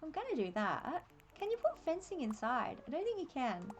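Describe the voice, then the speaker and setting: An Australian woman streaming a game, chatting and thinking aloud in a relaxed, laughing way. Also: high-pitched, moderate pace. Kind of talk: casual live-stream commentary.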